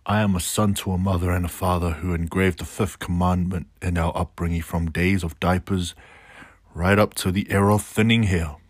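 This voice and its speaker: A man's voice: low voice, steady tone, moderate pace, slightly rough, no echo, studio quality. A middle-aged man delivering a reflective spoken-word monologue, earnest and declamatory, slipping in casual slang asides.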